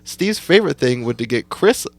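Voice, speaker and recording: A man's voice: mid-range voice, sing-song, moderate pace, background noise. A young man co-hosting a podcast, telling long rambling family stories with plenty of swearing and laughter. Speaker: podcast co-host. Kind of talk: casual storytelling chat.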